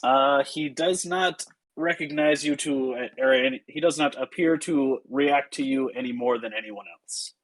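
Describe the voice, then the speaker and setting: Game master guy describing the scene, mid-pitched, lots of uhs while he narrates. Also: moderate pace, rough recording. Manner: hesitant, with frequent filler sounds.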